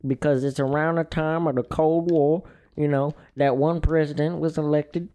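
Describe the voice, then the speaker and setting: A man's voice: on the high side, fairly even intonation, normal speed, mellow. A man with a Southern US accent, chatting on a podcast in a rambling, folksy, playfully boastful way. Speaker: podcast co-host. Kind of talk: casual podcast chat.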